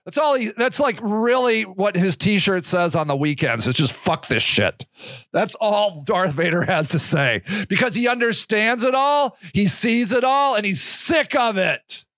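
Rambling, profane solo podcast host, male, high pitched, dry close-up sound. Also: lively intonation, measured pace, few pauses, a bit bright, no echo. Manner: rambling, profane, self-interrupting.

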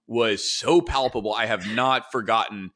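A man in his forties hosting a podcast, telling rambling, animated stories full of fillers and restarts. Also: mid-range voice, normal speed. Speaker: podcast host. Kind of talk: casual storytelling chat.

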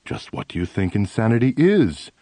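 A man reading the lines of a smiling male army psychiatrist who asks questions in a cheerful, then low and serious tone. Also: sing-song, moderate pace, warm tone, dry recording. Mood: probing.

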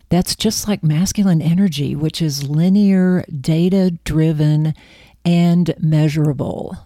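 A woman hosting her own talk as a wealth coach, speaking in a calm, measured, reflective way and drawing out her words. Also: deep voice, dry recording, studio quality. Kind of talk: scripted talk to camera.

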